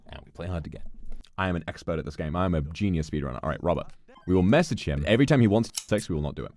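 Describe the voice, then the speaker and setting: A male streamer giving casual gameplay commentary, animated, laughing and swearing often. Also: low voice, quick pace, dry recording, faint music behind.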